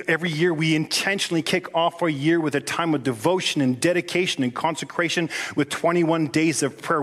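Excitable male pastor with a recovering voice. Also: a little high. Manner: excitable, enthusiastic preaching. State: voice still recovering from a cough. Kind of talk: sermon. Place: church auditorium.

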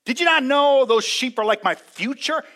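A preacher acting out a jealous, bossy older brother. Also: male voice, very high-pitched, moderate pace, bright, forceful tone, voice pushed up. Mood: scolding. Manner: scolding, mocking.

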